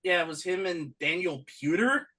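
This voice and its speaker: Bright, wry podcast co-host. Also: mid-range voice, lively intonation, normal speed, breathy edge. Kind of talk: casual wrestling recap chat.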